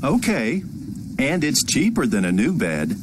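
Man as patient textbook dad, lively intonation, noisy track. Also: medium pitch, unhurried. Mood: calm. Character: dad shopping for a bed, calm. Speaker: father in a textbook dialogue.

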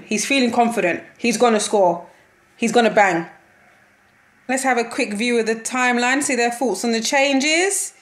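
A woman's voice: a little high, moderate pace. A young woman giving a casual football match reaction, slangy and exasperated, laughing often as she talks.

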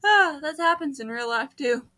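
A woman's voice: high-pitched, expressive, normal speed, sharp tone. A young woman casually playing a dating game with a friend and reading its lines aloud, playful and giggly. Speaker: let's play host. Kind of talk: casual gameplay chat with read-aloud dialogue.

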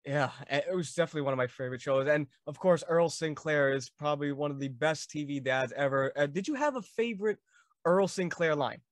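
An enthusiastic man hosts the chat, eagerly quizzing his guest like a devoted fan. His voice sits a bit high and sounds dry and close. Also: brisk, dry recording. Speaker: podcast host. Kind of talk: casual interview.

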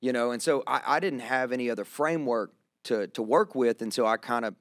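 A man's voice: medium pitch, a little fast, no room sound, studio quality. A man, a pastor and church planter, talking in a casual podcast conversation, laid-back and calling people "man" and "bro".

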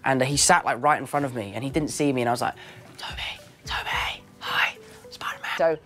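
A man's voice: mid-range voice, rapid-fire, soft background music. A young man with an English accent, chatting in an interview and telling stories with a laugh, acting out the lines he quotes. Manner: animated storyteller, acts out quotes, laughs often. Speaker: actor being interviewed. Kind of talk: casual interview chat.

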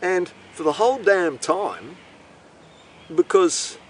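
Very animated yet slow, with a voice that sits high, an Australian host rambles through a profane, incredulous comic story. The audio is poor, with the mic far away and slight background noise.

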